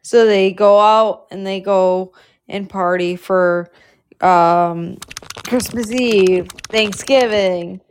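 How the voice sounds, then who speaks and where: Woman, podcast guest, casual chat, slow, smooth clear voice, laid-back. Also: mid-range voice, fairly even intonation. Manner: slow, laid-back, uses filler words.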